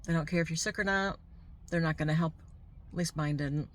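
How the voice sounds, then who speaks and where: Middle-aged woman, lower register, candid personal vlogger. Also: steady tone, fairly quick. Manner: candid and heartfelt, with warm asides to the viewer. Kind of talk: personal storytelling to camera.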